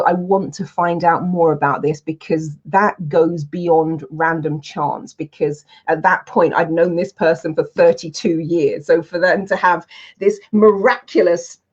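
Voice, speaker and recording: Woman, husky low voice, lively storytelling coach, dull lo-fi recording. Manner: lively storytelling, acts out quoted speech. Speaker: healing coach. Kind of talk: casual webinar talk. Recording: dull lo-fi sound.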